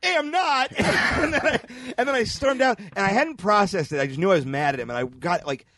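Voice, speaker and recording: Young guy cohosting a comedy pod, talks fast, jokey story mode. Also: high-pitched. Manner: animated storyteller, quick jokes. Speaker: podcast co-host. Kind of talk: casual comedy podcast chat.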